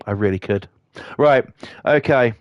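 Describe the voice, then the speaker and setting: A man's voice: medium pitch, measured pace, no echo, lo-fi sound. A man with a Norfolk accent, chatting casually and swearing freely as he streams a game and tells rambling stories. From Norfolk, England. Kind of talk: casual chat while playing.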